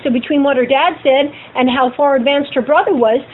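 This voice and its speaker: The audio is thin and phone-like with a little noise as a middle-aged group leader tells candid stories from her own life. She talks a bit fast in a high pitch, animating her tales by performing the quotes.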